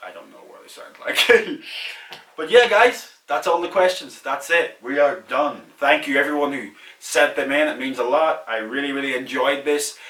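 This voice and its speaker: A young Irish man talks candidly through viewer questions in a casual vlog, often laughing at himself. His voice is bright and forceful. It sounds echoey, with the mic set back from him. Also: medium pitch, normal speed, recorded from a distance. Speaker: YouTuber answering viewer questions.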